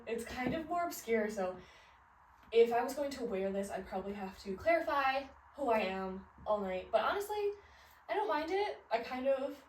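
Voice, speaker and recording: A woman's voice: on the high side, a little hiss or hum. A woman in her thirties from the Midwest, chatting casually and rambling about outfits from her closet. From American Midwest. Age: 30s. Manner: chatty, rambling, many fillers and laughs. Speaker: fashion vlogger. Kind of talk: casual chat. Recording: roomy, a little distant from the mic.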